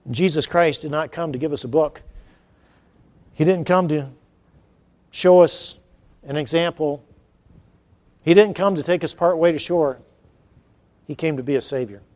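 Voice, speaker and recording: Male preacher, fairly high voice, animated storyteller who shouts the key moments. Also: a little slow, long pauses. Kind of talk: sermon.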